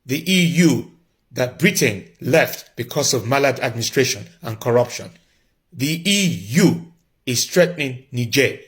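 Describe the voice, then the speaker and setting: An actor playing a pompous, defiant male president who makes a slow, emphatic address full of repeated declarations. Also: medium pitch, lively intonation, a bit bright. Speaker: comedic character clip.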